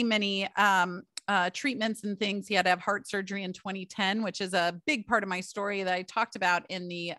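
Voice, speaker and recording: A woman's voice: medium pitch, pushed and bright, dry recording, clean studio sound. A middle-aged woman hosting a solo podcast, telling personal stories in a chatty way and calling her listeners "you guys". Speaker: podcast host.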